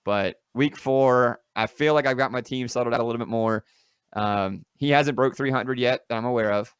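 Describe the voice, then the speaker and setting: Brief: male podcast host, smooth clear tone, dry close mic, easygoing trash talk. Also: mid-range voice, moderate pace, no room sound. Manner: laid-back, laughs easily, trash talk. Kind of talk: casual fantasy football chat. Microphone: headphones and studio mic.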